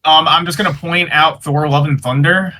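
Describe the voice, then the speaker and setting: Bright-voiced joking man. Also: on the high side, steady tone, normal speed. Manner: jokey, laughs at his own lines. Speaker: podcast co-host. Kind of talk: casual chat.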